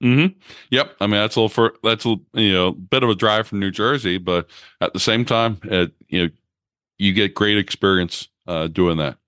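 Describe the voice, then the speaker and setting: A male podcast host with a very deep voice. His tone is smooth and resonant, and he explains things in a conversational way. The sound is dry and close. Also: normal speed, a bit bright, no room sound. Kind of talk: podcast interview.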